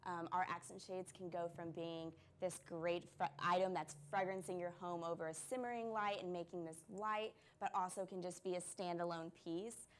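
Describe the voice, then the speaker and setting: A woman's voice: on the low side, steady tone, moderate pace, few pauses, a little hiss or hum. A woman hosting a live product stream, chatting casually and gushing over the items with plenty of "um" and "like.".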